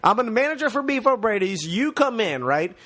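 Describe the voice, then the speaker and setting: A man co-hosting a casual radio call-in show, asking questions with many pauses and fillers. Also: high voice, very animated, a bit bright. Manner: hesitant, filler-heavy questioning.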